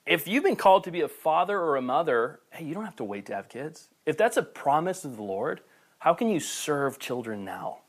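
A man preaching a sermon, passionate and building to near-shouting before softening, with playful asides to the camera. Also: a little high, big pitch swings, fairly quick. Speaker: pastor. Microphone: camera recording.

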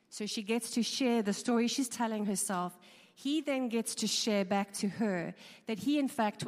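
Woman, informal talk to an audience, conversational, repeats words, long hall reverb. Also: medium pitch. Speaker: speaker.

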